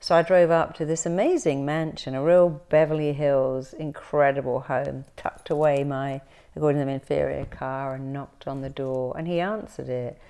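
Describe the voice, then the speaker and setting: A deep, smooth voice belongs to a woman therapist chatting casually as an interview guest, moderately paced and barely pausing. She brings her stories to life by acting out what others said.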